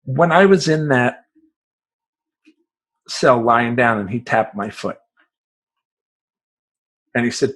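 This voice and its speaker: A man who works as a life coach, telling a personal story in a profane, rambling, animated way. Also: mid-range voice, slow pace, long pauses, low-quality recording.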